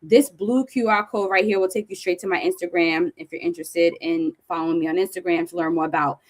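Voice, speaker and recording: A middle-aged woman from New Jersey giving a conference talk, high-energy and animated as she tells stories to the audience. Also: quick pace. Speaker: speaker presenting to an audience. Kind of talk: conference presentation.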